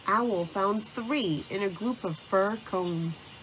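A woman reads a children's storybook aloud at an unhurried, deliberate pace. Her voice sits at a middling pitch, with a faint hiss in the background. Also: a bit bright. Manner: slow and deliberate. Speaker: storybook narrator. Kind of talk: scripted storybook narration.

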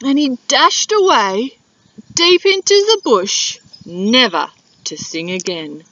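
Primary teacher reading a picture book to children, slow, lively pitch, lo-fi. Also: female voice, far from the mic. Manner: animated, drawn-out teacher talk. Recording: dull lo-fi video sound.

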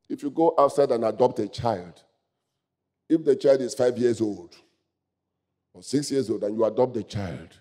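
A man preaching a sermon, swinging from quiet asides to loud shouted climaxes and calling for responses from the congregation. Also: mid-range voice. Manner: slow, drawn-out emphasis.

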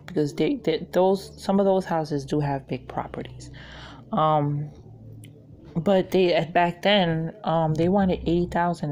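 A woman's voice: low voice, a little mellow, a little hiss or hum. A woman, hosting a craft channel and telling rambling stories in a casual chat while she works, laughing often. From New York.

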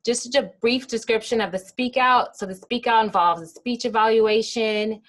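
A woman giving an educational lecture on speech and voice therapy, explaining in a relaxed way with frequent fillers. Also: fairly high pitch, normal speed. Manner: explanatory, with frequent "um" and "kinda", acting out example phrases.

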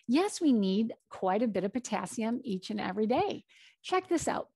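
A woman in her fifties, a registered dietitian, giving a lively live nutrition talk from her kitchen with enthusiastic cheers. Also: fairly high pitch, moderate pace, husky, no echo. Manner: upbeat and enthusiastic, with cheering exclamations. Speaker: registered dietitian and cooking show host. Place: home kitchen.

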